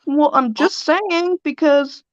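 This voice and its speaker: Brief: woman, chatty casual reaction talk, slightly high voice, dry dull lo-fi audio. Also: slow, no echo. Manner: chatty, laughs between remarks. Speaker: co-viewer.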